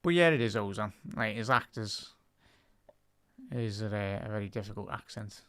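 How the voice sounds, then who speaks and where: A man's voice: lowish voice, normal speed, fairly bright tone, dry recording. Chatty Scouse man commentating live. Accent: Liverpool (Scouse). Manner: chatty, addresses his viewers as "chat", laughs often. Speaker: football commentator and YouTube host. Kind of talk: live fan watchalong commentary.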